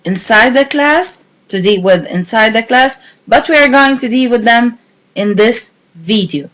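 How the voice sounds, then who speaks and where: A woman teacher giving a recorded English lesson to young pupils, repeating words slowly and clearly. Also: on the high side, lively intonation, a bit bright, rough recording. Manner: slow, clear, repeating words and clapping syllables.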